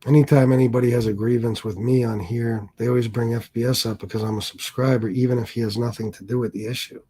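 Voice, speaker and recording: A man's voice: medium pitch, steady tone, quick pace, mellow, slight background noise. A middle-aged man hosting a livestream, talking in a defensive, rambling, profane way. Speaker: livestream host. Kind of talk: casual livestream monologue.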